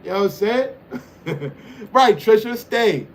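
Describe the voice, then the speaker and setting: A man hosts a livestream and riffs on the chat in loose, teasing banter. His voice sits high for a man. A faint hiss of noise runs underneath. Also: lively intonation, moderate pace. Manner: loose, teasing banter with frequent "you know what I'm saying". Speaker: livestream host reading chat.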